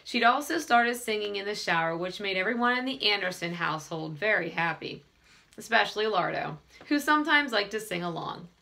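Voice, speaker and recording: Bright-voiced woman reading a children's novel. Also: mid-range voice, expressive, fairly quick, creaky. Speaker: reader.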